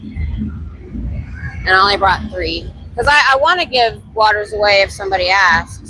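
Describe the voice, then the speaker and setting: A woman's voice: mid-range voice, unhurried, pushed and bright, breathy edge, rough recording. Chatty woman livestreaming on a street. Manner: chatty, rambling, talks to passersby. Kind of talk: casual chat on a livestream. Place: city street at night, outdoors.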